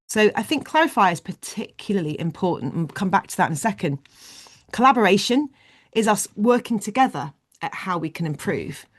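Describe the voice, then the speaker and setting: A woman leading an online leadership training session, explaining ideas in an animated way on a video call. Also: mid-range voice, brisk.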